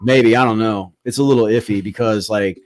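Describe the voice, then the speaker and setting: A man's voice: on the low side, fairly quick, no echo. A young man from Florida, a guest rapper telling a wild story in casual, profanity-laced chat. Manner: profane, animated anecdote-telling.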